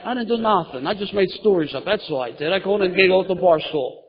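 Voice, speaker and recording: A middle-aged man telling his recovery story at a meeting, lively and laughing as he goes. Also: sits high, fast, few pauses, a crowd in the background. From Philadelphia, USA. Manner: animated storytelling, gets loud and laughing at funny parts. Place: meeting room in front of an audience. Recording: dull lo-fi meeting recording.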